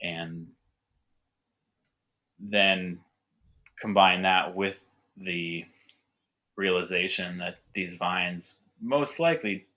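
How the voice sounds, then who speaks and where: A man's voice: sits low, gravelly, sharp tone. A young adult man being interviewed as a winemaker, talking eagerly and rambling with lots of fillers. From North America. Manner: enthusiastic, rambling with many fillers. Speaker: winemaker guest. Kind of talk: casual conversational interview.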